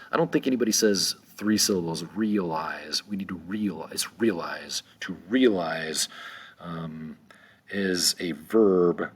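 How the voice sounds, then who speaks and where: Low, husky male teacher reading a vocabulary list, repeating words deliberately for pronunciation. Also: a bit bright. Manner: repeats each word slowly for pronunciation, with frequent ums. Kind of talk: recorded vocabulary lesson.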